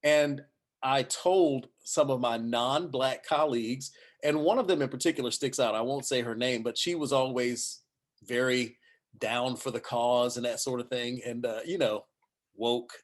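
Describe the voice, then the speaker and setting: A man's voice: mid-range voice, measured pace. A man who is a news anchor, telling a personal story at a panel discussion and acting out the quoted voices. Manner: animated anecdote telling with acted quotes.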